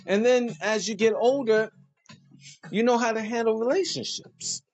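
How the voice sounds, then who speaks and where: A man hosting a casual monologue, preachy and animated, joking and laughing at his own lines. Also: very high-pitched, moderate pace, dry recording, highs cut off, soft background music. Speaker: host.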